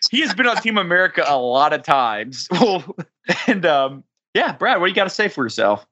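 A man's voice: on the high side, very animated, a little fast, bright, forceful tone. A man hosting a tabletop gaming podcast, introducing guests with playful, joking banter. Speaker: podcast host.

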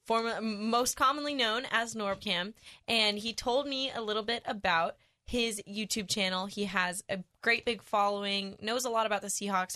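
A woman's voice: medium pitch, pushed and bright, dry recording, clean studio sound. A woman hosting a radio show, chatting casually in an upbeat way and laughing easily. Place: radio studio.

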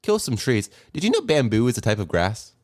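A man's voice: mid-range voice, huge pitch swings, a little fast, darkish tone, dry recording, clean studio sound. A young man co-hosting a podcast in a playful, joking way, throwing out trivia. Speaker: podcast co-host. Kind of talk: casual chat.

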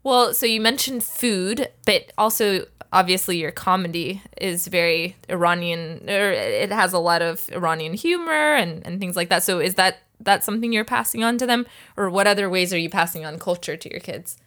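A woman's voice: on the low side, expressive, normal speed, hardly any pauses, a bit bright. A woman hosting an interview, asking questions in a friendly way and answering briefly with agreement. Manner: friendly, laughs along, short affirmations. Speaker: interviewer, host. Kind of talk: casual interview conversation.

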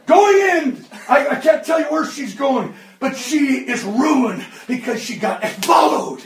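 A man's voice: very high voice, expressive, measured pace, a little hiss or hum. Impassioned man preaching in an echoey hall. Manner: impassioned, often shouting. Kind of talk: sermon. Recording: echoey hall, distant mic.

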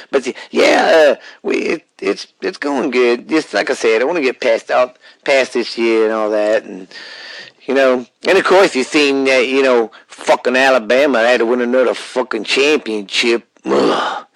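A Louisiana man talking loose and slow on a podcast call, piling up fillers and curse words. His voice sits in an ordinary middle pitch. The sound is dry, with no room around it. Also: gravelly, fairly bright tone, no room sound, rough recording. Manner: rambling, drawling, swears freely, many fillers. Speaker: podcast co-host. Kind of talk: casual podcast chat.

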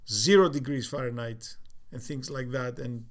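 A man in his sixties with a Cypriot accent, recounting his life as an interviewee in a halting way with many fillers and restarts. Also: medium pitch. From Cyprus. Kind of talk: reflective storytelling.

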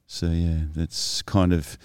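A middle-aged man, a podcast guest telling his personal story in a reflective, halting way with many restarts. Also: sits low, little pitch movement, darkish tone, clean tone, no echo, clean studio sound. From Australia.

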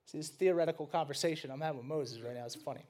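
A man preaching with a fairly high voice, talking to his congregation in a loose, conversational way. He steps in and out of acted dialogue, restarting phrases as he builds his point. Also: racing, a little hiss or hum. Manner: animated, conversational, with frequent restarts and asides.

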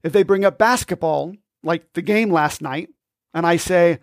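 A man's voice: fairly high pitch, normal speed, no room sound. A man hosting a podcast, giving scripted, upbeat, instructive narration into a close mic. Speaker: podcast host.

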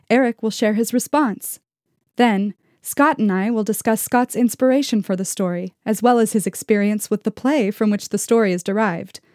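A woman host reading a scripted program introduction in a clear, friendly announcing manner. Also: mid-range voice, a little mellow, no room sound, studio quality. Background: music.

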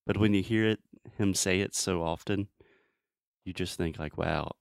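A man with a fairly low voice teaches English pronunciation in an easy, casual way. He models sounds slowly and patiently and laughs along the way. The sound is dry and close, with no room around it. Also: steady tone, clear, resonant tone, dry recording.

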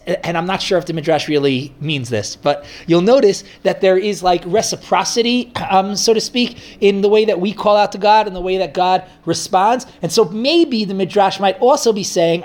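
Man teaching a casual text class. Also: high voice. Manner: thinking aloud, many restarts and fillers. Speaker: Torah teacher. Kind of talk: informal text study class.

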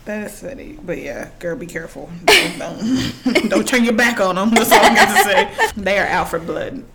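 A woman co-hosting a podcast in casual chat, animated and giggly, often acting out little voices in her jokes. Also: mid-range voice, moderate pace, vocal fry. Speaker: podcast co-host.

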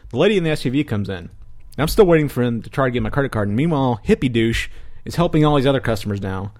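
A man hosting a podcast, telling a long story in casual chat, swearing and acting out the other people in it. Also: mid-range voice. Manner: profane, animated retelling with quoted voices. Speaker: podcast host.

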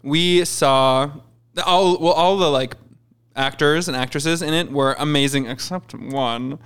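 Man, podcast co-host, casual chat, wry quips, smooth resonant voice, a bit high. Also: unhurried, a bit bright.

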